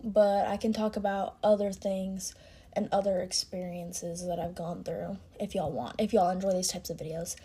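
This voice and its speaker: A young woman telling a personal story in a chatty, animated way, as a get-ready-with-me storytime vlog. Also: mid-range voice. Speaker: content creator.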